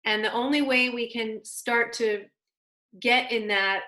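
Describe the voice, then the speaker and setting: A woman's voice: on the high side, fairly even intonation, unhurried, pushed and bright. Woman teaching a relationship class, chatty, plays out what couples say, echoey room. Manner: conversational, acts out spouses' quoted lines. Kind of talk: online class lecture.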